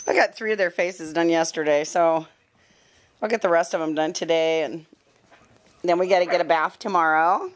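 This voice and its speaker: An older woman who breeds dogs, chatting casually to her puppies in a high sing-song baby voice. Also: animated, normal speed. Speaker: dog breeder talking to puppies. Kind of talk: casual vlog talking to puppies.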